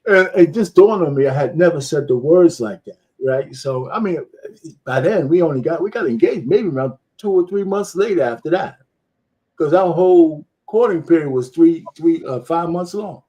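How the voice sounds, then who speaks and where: A man on a panel, telling a story about his marriage in a relaxed way. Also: a little high, normal speed, lo-fi sound. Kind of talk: casual panel chat.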